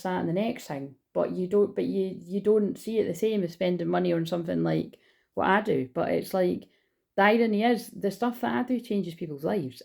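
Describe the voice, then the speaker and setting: A woman's voice: on the low side, vocal fry, mellow. A woman doing a chatty, rambling card reading as a spiritual healer, with lots of restarts and asides.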